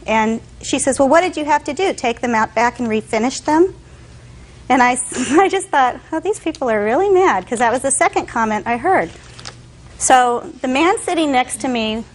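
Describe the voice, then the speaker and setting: A woman's voice: fairly high pitch, poor audio. A young woman testifying as a defendant in court, telling her story with animation and acting out other people's voices.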